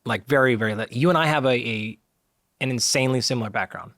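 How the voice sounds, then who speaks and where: A man's voice: mid-range voice, fast, fairly bright tone, no room sound, studio quality. A man hosting a podcast interview, speaking in an earnest, admiring way. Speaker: podcast host. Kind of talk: interview conversation.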